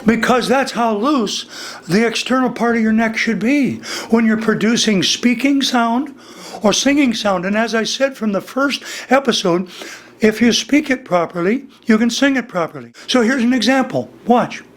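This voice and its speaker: A man's voice: very high-pitched, slight background noise. Older man with a slightly worn voice. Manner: demonstrates vocal registers, slow and deliberate. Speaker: voice teacher. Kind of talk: instructional interview.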